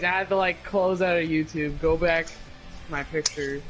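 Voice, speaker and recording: A young man chatting fast and complaining as a player over a voice call. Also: a little high, steady tone, a bit bright, faint music behind, poor audio. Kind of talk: casual game chat.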